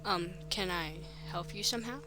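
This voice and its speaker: A woman's voice: medium pitch, fairly quick, over music, natural voice. A woman voicing a nervous, polite young boy who answers in a shaky voice.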